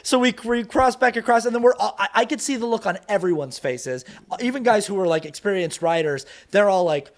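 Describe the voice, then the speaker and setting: A man on a podcast telling a story in a casual, animated way, laughing often and acting out what other people said in a raised voice. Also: high-pitched, a little fast. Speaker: guest actor and creator.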